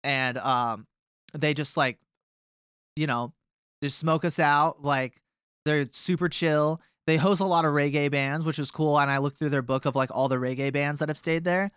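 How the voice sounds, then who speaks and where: A man's voice: on the high side, steady tone, normal speed, fairly bright tone, smooth, no echo, studio quality. A young man from a touring band telling a long tour story in a casual, rambling way with many fillers.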